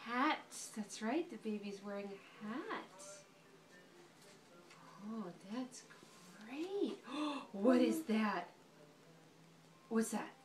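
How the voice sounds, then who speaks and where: A woman reading a picture book to a toddler in a home video, speaking slowly and encouragingly, with frequent excited gasps, at home. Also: a little high, a crowd in the background. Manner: slow, sing-song and encouraging, with frequent gasps.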